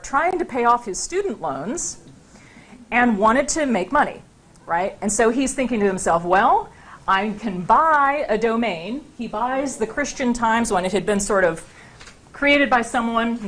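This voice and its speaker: A woman's voice: a little high, a bit bright. A woman university lecturer giving a public talk with slides, speaking conversationally and often checking in with her audience with "right?" and "okay?". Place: lecture room before a live audience.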